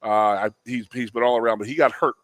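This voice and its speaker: A man in his forties co-hosts a sports talk show and tells an old recruiting story in casual chat. He is an animated storyteller who acts out quotes in raised voices, at a pitch in an ordinary middle range. The booth sounds dry and close, with no room behind him. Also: fast, no echo. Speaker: radio show co-host, former college lineman. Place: studio at a restaurant.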